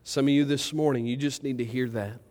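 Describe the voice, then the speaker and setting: A man's voice: steady tone, brisk. Preaching man in a reverberant hall. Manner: swings between loud urgent pleas and quiet low reflection. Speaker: pastor. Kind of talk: sermon. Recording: church hall with long reverb.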